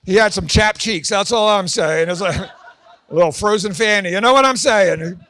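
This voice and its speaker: Doing a comedy set for a church fundraising gala, a grandfather jokes with rapid asides and puts on high-pitched voices for the characters in his bits. His tone comes across bright and forceful.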